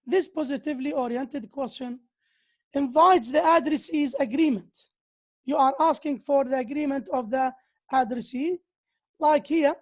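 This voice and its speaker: A woman's voice: sits high, unhurried, darkish tone. A woman lecturing on grammar who often repeats key phrases and reads out examples. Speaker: university lecturer. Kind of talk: slow lecture on English grammar.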